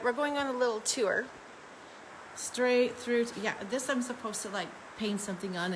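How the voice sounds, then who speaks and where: A woman's voice: medium pitch, noisy background. A woman chatting casually on a live stream, upbeat and friendly, greeting viewers by name and laughing often as she shows off her home craft room. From Arizona, United States.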